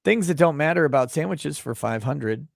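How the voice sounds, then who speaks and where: A man hosting a livestream, chatting casually with a guest and reading viewer comments aloud with many halting restarts. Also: a little high, lively intonation, vocal fry, no echo, studio quality. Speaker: livestream host.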